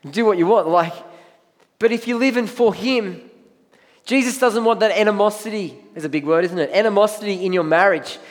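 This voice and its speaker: A man's voice: sits high, a little fast, long reverb tail. A man preaching as a pastor in a church, talking conversationally and acting out what people say to themselves. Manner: conversational preaching with acted-out inner voices. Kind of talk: sermon. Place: church hall.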